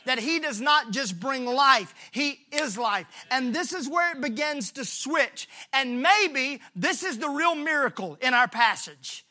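A man pastor preaching a sermon, repeating his phrases for rhythm and swinging from shouts to hushed lines. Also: very high voice, lively intonation, unhurried, few pauses. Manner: acts out the voices of the people in the story.

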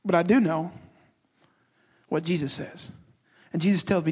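High-pitched guy preaching, fired up then quiet, keeps restarting his sentences. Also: steady tone, slightly rough. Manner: impassioned, swinging between loud and hushed, halting restarts. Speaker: pastor. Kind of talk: sermon.

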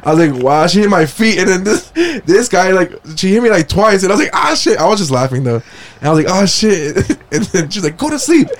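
A man's voice: sits high, a little fast. A man co-hosting a podcast, telling a story in casual, swearing-heavy talk and cutting in often. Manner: animated, swears a lot, keeps interrupting. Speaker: podcast co-host.

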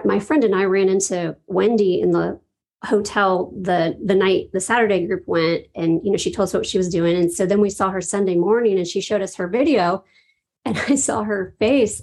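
A woman's voice: mid-range voice, vocal fry, a little mellow. A woman sharing a heartfelt personal story in casual talk, laughing often and acting out her own reactions.

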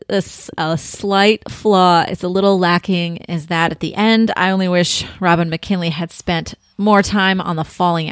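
A woman's voice: lowish voice, no echo, studio quality. A woman giving an enthusiastic, thoughtful book review in a casual talk, with some restarts.

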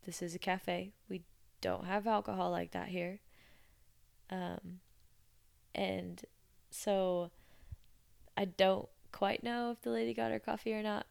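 With a gravelly, medium-pitched voice and clean audio, this young podcast host chats casually through a storytelling monologue, amused as she recounts strange customers she's dealt with.

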